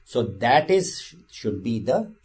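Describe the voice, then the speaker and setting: A man's voice: medium pitch, sing-song, slow, darkish tone, slightly rough. A man giving a spiritual discourse. He speaks in a conversational way, repeats phrases and tells a parable. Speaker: spiritual teacher.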